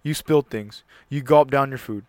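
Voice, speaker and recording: A man's voice: medium pitch, normal speed, no room sound. A man hosting a solo talk show, chatting casually and reading a passage aloud earnestly, sometimes stumbling and restarting words.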